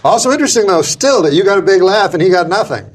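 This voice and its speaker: A man hosting a comedy talk show, with deadpan, teasing banter. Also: high voice, fast, breathy edge.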